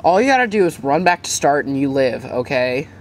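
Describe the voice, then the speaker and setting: A woman's voice: very deep voice, sing-song, brisk, a little mellow, pitched below the performer's own voice. A woman voicing a bossy, weary master of a deadly game in a fan-made puppet drama, talking curtly and coldly. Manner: curt, cold and bossy.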